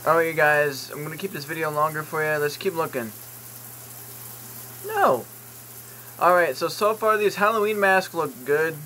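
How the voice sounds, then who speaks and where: Male vlogger, slightly higher pitch, bright forceful tone, joking, rambling, swears casually. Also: moderate pace, long pauses, slight background noise, low-quality recording. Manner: rambling, jokey, swears, reads product listings aloud with asides. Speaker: YouTube vlogger. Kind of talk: casual vlog commentary while browsing online.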